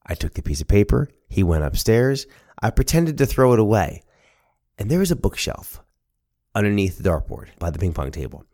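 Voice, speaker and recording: A man's voice: fairly low pitch, normal speed. A man earnestly telling a personal family memory, acting out the voices of relatives. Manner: earnest, animated, acts out voices. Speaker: storyteller. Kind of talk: personal storytelling podcast.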